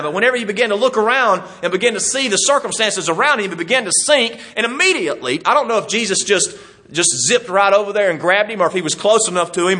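Man preaching, bright and slightly high voice, homey and chatty. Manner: folksy and conversational, chuckles while teaching. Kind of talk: sermon.

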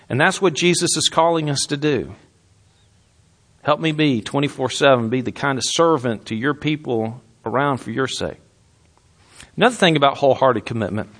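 A middle-aged man preaching a sermon, shifting between relaxed talk and scripture readings. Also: medium pitch. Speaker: pastor.

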